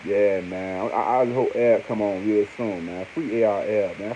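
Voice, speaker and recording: Man, casual commentator, animated and slangy, warm mellow tone, muffled with light hiss. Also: moderate pace, hardly any pauses. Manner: animated, swings to high exclaims, heavy slang and repeated fillers. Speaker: online commentator. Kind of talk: casual monologue on hip hop news.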